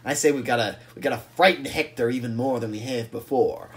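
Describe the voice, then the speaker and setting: A man's voice: mid-range voice, fairly quick, pitched below the performer's own voice, close to an everyday voice. Scruffy, a man doing a raging truck ringleader. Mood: scheming. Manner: ranting, snarling. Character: scheming, furious male freight truck ringleader.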